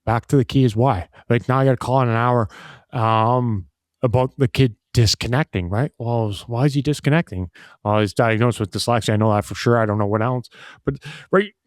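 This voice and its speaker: A man's voice: mid-range voice, a little fast, dry recording, studio quality. A man talking as a podcast guest, emphatic and full of restarts and "you know". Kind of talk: casual conversation.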